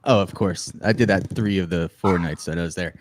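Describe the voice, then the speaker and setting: A man co-hosting a casual chat, telling lively stories and acting out the people in them. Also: low voice, brisk, a little hiss or hum. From New Jersey. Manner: animated storyteller, acts out quotes, laughs a lot. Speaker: podcast co-host.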